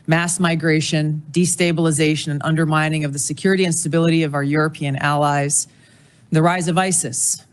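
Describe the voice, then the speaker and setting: A woman testifying at a hearing, reading a firm, composed prepared statement. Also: deep voice.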